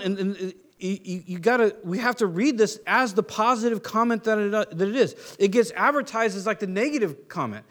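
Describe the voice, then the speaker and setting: High-voiced man preaching conversationally. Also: fairly bright tone. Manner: conversational teaching with rhetorical questions and restarts. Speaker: pastor. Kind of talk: sermon.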